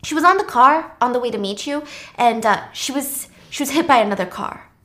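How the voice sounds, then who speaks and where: A woman doing a hesitant, quiet secretary. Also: fairly high pitch, expressive, brisk. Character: nervous cautious office secretary.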